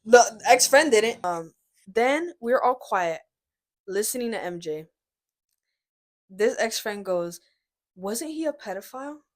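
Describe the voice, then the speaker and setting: A woman's voice: mid-range voice, slow pace, pauses often. A young woman, a college student, telling a story in casual chat and acting out the voices of the people she quotes. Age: young adult. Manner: animated, acts out quoted voices. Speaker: guest, college student sister. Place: office.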